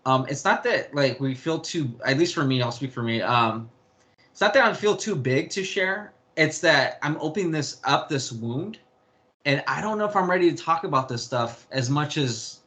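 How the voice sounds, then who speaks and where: A man's voice: mid-range voice, lively intonation, normal speed, sharp tone. A young man talking candidly in an interview about family, rambling with restarts and the odd swear word. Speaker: interview guest. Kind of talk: candid personal storytelling.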